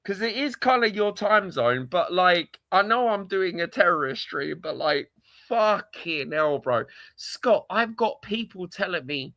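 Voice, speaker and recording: A man's voice: high voice, unhurried, no room sound. Man, London accent, livestream rant, exasperated, swears a lot, dry close sound. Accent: London English. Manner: animated, exasperated, repetitive, swears often. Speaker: live streamer, football fan.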